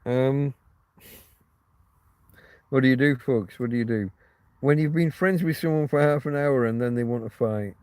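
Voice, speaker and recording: A man's voice: mid-range voice, moderate pace, long pauses, darkish tone, no echo. A man hosting a casual livestream, rambling through stories and answering viewer comments. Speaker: livestream host.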